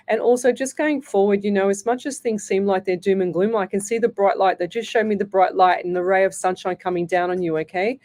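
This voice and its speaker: Brief: middle-aged woman, mellow-toned psychic radio host, chatty and repetitive. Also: medium pitch. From Australia. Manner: chatty, repeats herself, calls listeners lovey. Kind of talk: live radio psychic reading.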